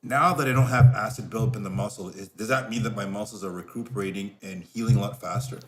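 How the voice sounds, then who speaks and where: A man co-hosting a casual podcast, eager and quick with short affirmations. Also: fairly low pitch, slight background noise. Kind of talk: casual chat.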